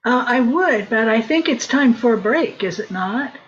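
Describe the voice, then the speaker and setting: A woman hosting a storytelling event in a relaxed, chatty way. The sound is dull and lo-fi, with faint noise behind her. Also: a little high, moderate pace. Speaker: event host.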